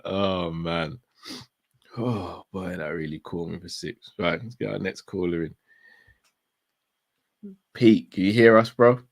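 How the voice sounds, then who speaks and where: Deep, gravelly easygoing co-host. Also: male voice, slow pace, long pauses, dry recording, clean studio sound. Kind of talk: casual call-in chat.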